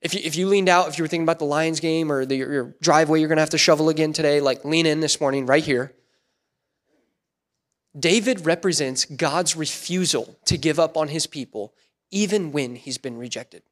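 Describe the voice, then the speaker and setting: Animated male preacher, high voice, church sermon, puts on voices for the quotes. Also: brisk. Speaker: pastor.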